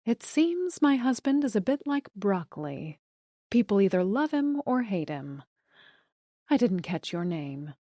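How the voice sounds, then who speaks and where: A woman's voice: medium pitch, big pitch swings, a little slow, mellow, dry recording, studio quality. A woman voicing a poised society wife with a cool, guarded manner.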